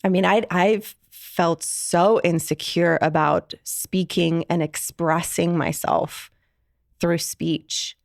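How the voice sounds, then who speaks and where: Guest, woman from Iran: candid, reflective storyteller, slightly low voice, dry recording. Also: steady tone, slow pace, creaky, no room sound. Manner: reflective, frequent "like" fillers. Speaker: podcast guest.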